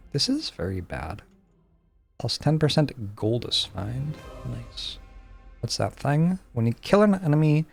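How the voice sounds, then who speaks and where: A streamer giving casual gameplay commentary, with dry, joking asides. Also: male voice, mid-range voice, gravelly.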